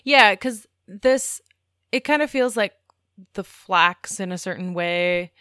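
A woman's voice: medium pitch, slow, fairly bright tone, smooth, no room sound, clean studio sound. A woman co-hosting a podcast, chatty and hedging, with many fillers and restarts. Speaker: podcast co-host. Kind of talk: casual chat.

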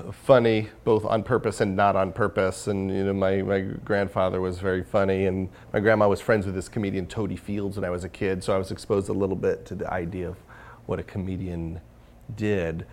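A man's voice: low-pitched, steady tone, brisk, a little mellow, a little hiss or hum. A man talking candidly in an interview as the guest, rambling with many fillers and restarts. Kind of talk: casual interview conversation.

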